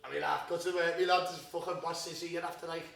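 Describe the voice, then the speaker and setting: A man's voice: on the high side, little pitch movement, quick pace, gravelly, far from the mic, crowd noise. A young man telling stories in a sweary, laughing casual chat. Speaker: podcast co-host. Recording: roomy, off-mic sound.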